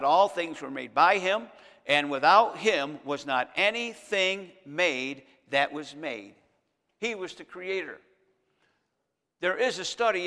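A man preaching a sermon as pastor, emphatic, slowing down to stress scripture verses. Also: a little high, sharp tone. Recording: long hall reverb.

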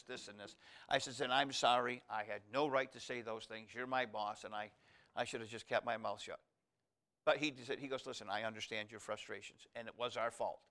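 A middle-aged pastor giving a sermon in a bright, ringing voice. He preaches with emphatic swells on his main points and turns quiet and soft in prayer. His pitch sits at an ordinary middle for a man. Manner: emphatic preaching that rises high and loud on key points.

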